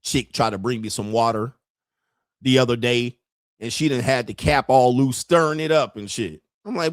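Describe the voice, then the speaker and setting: A man hosting a commentary channel, telling jokey stories in a loud, profane, animated way. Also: medium pitch, normal speed, dry recording, clean studio sound. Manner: profane, joking, animated storytelling. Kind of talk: casual commentary.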